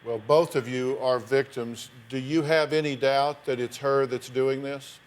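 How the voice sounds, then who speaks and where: A man's voice: mid-range voice, fairly even intonation, measured pace. Male talk show host, probing interviewer on a daytime studio set. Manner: probing, asks pointed yes-or-no questions.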